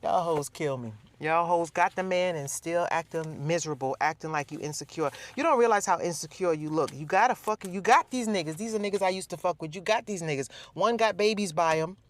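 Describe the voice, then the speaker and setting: A woman's voice: fairly low pitch, fairly quick, hardly any pauses. A woman ranting casually on her vlog, profane and mocking, laughing at the people she talks about. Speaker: vlogger.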